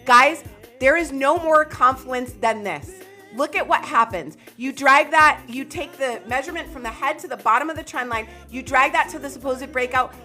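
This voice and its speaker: High, bright, excitable woman streamer. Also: moderate pace, soft background music. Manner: excitable, loud, talks to viewers by name. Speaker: crypto market streamer. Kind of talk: live chart analysis stream.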